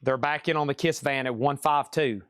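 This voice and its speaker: A man hosting a live-streamed record auction, calling bids and sales in a fast, chatty, upbeat patter. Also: mid-range voice, steady tone, a bit bright, clear, resonant tone.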